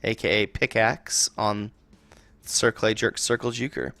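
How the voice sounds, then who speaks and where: A man's voice: lowish voice, steady tone, measured pace, creaky, sharp tone, dry recording, faint music behind. A man co-hosting a draft stream, talking loosely and hesitantly with many fillers. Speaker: stream co-host. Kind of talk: casual voice chat on a stream.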